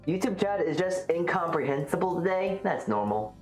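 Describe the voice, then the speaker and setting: A woman's voice: lowish voice, lively intonation, moderate pace, a little mellow, faint music behind. A woman streamer chatting casually and rambling, joking at her own expense while reacting to chat. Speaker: livestreamer. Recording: roomy echo.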